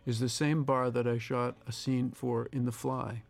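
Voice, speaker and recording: Gravelly guy doing director commentary, pretty monotone, stops and restarts as he thinks. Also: mid-range voice. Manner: reflective, thinking aloud with pauses and restarts. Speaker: film director. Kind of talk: audio commentary.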